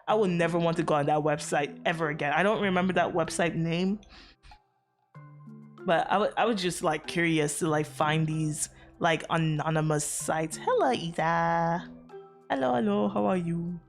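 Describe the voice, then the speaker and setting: A woman streaming and chatting loosely to her chat in a low-pitched voice, piling up fillers and curse words as she rambles. She is from outside America. Soft music plays faintly behind her. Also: normal speed. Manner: rambling, animated, frequent swearing and fillers. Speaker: VTuber streamer.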